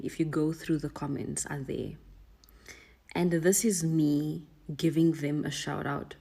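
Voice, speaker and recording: A very low-voiced woman from Africa with a gravelly, husky edge, co-hosting a reaction chat. She talks earnestly and with emphasis, now and then slipping into soft, half-whispered asides. Her tone is dark and mellow. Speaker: reaction video co-host. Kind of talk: casual chat.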